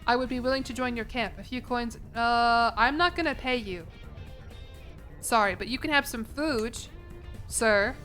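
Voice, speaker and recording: A woman voicing a rough male camp follower in a put-on Russian accent, blunt and bossy. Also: fairly high pitch, unhurried, a bit bright, soft background music. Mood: blustering.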